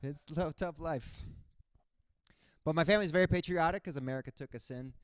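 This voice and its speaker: Animated comedian guy from cuba, bit high voice, dry close sound. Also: fairly quick, smooth, no echo. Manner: animated, jumps into high-pitched character voices. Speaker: stand-up comedian. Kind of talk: stand-up comedy set.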